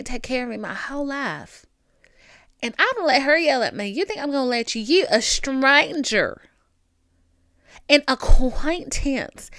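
Slightly high and fairly bright, her smooth voice carries a Southern country accent as this young podcast host gives sassy, emphatic advice directly to the listener. The studio sound is clean with no echo.

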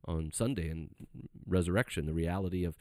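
Deep mellow pastor guy, earnest, gets fired up explaining stuff, dry mic. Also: a little fast, no room sound. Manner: earnest, builds to fervent emphasis. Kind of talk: conversational Bible study.

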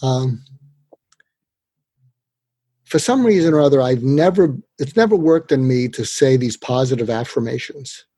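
An older man, a guest expert, giving communication advice in a lively conversational way, acting out quotes as he goes. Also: mid-range voice, unhurried, pauses often, slightly rough, no room sound. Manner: animated, tells tips with acted-out quotes. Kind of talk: conversational interview.

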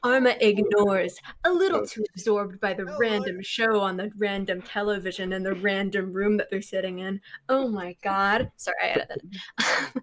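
A young woman reads a goofy story aloud on a chatty podcast, pausing to laugh at her own lines. Her voice sits mid-range and natural. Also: mid-range voice. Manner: playful, laughs while reading. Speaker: podcast guest. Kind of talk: casual chat, reading a story aloud.

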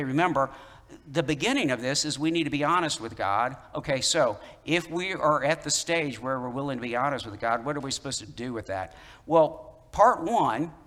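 A man's voice: medium pitch, fairly bright tone. A man in the role of pastor preaching a sermon in a conversational, emphatic way, repeating key phrases. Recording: long hall reverb.

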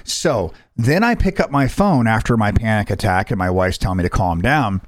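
A man's voice: lowish voice, normal speed, dry recording. A young adult man hosting a casual chat, telling a story with acted-out quotes and plenty of swearing. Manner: animated storyteller, acts out quotes, swears freely. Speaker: podcast host.

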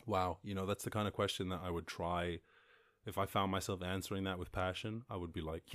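A man's voice: low-pitched, steady tone, brisk, fairly bright tone, no room sound. A man hosting a podcast, talking casually and rambling through listener questions with swearing and sudden bursts of outrage. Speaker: podcast host. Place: lives in rural Ireland.

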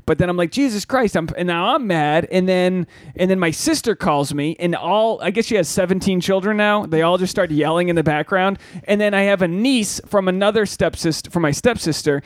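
Rambling, foul-mouthed man, slightly high voice. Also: fairly quick, few pauses, dry recording, studio quality. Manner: rambling, profane storytelling. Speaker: podcast co-host. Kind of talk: casual podcast chat.

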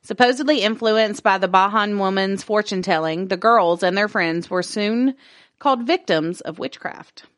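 A woman's voice: medium pitch, moderate pace, a bit bright, dry recording. Woman, casual podcast co-host reading a text aloud with jokey asides, dry close sound. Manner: laughs easily, swears casually, stumbles over words.

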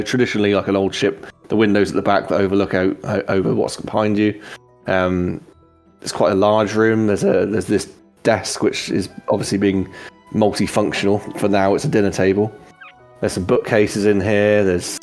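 Low relaxed male game master, easygoing narration. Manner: relaxed, hesitant with fillers.

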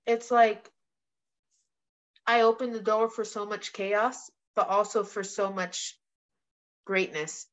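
A woman's voice: medium pitch, fairly even intonation, slow, long pauses. A young woman, a professional fighter and guest, chatting casually in an interview. She tells stories candidly and animatedly, with a lot of "like" and some swearing. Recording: slightly muffled, lo-fi podcast audio.

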